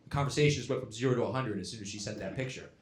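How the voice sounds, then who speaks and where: Young male stand-up comic from Florida, mid-pitch voice, swings between muttered asides and shouted punchlines, handheld mic in a roomy club. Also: rapid-fire, slight background noise. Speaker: stand-up comedian. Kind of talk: stand-up comedy set. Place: comedy club stage. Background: audience laughter.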